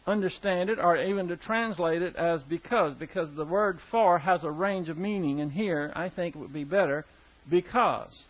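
A man with a high voice teaches a Bible passage word by word. He talks in an easy, conversational way and leans hard on key words. The recording sounds dull and lo-fi. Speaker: preacher.

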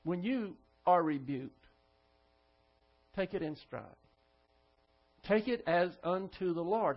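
Firm high-voiced pastor, lo-fi. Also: male voice. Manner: storytelling, firm and instructive. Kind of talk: sermon. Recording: dull lo-fi church recording.

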